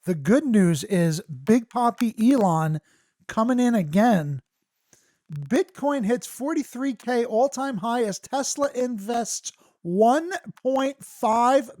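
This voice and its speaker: A man hosting a podcast, reading news articles aloud and breaking into profane, excitable asides. His voice turns squeaky when he gets worked up. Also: vocal fry, no echo. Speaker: podcast host.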